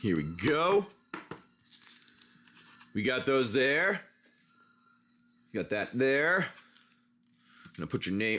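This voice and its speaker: A man's voice: mid-range voice, big pitch swings, unhurried, long pauses, pushed and bright. A man hosts a laid-back trading card livestream, chatting to his viewers as he sorts cards. His talk rambles and loops back on itself, and he slips into spinning an adventure story off the cuff. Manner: rambling, chatty, talks while handling cards. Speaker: livestream host opening card packs. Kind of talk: casual livestream chat and improvised story narration.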